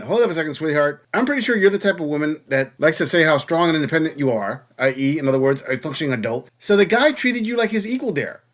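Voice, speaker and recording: A man's voice: fairly high pitch, sing-song, quick pace, hardly any pauses, a bit bright. A man hosting a reaction commentary channel, talking in a sarcastic, mocking way.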